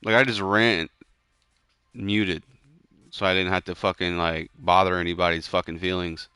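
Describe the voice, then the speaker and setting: Low, clear, and resonant, this young man's voice moves at a moderate pace in a dry recording as he streams a game. Chatting casually with friends, he rants with lots of swearing and frequent "bro" and "dude," and he yelps loudly with excitement in tense moments.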